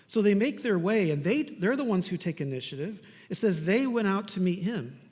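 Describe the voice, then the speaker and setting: A man's voice: high-pitched, lively intonation, moderate pace, darkish tone, in a large hall. A male pastor delivering a sermon in an earnest, conversational way, with casual asides.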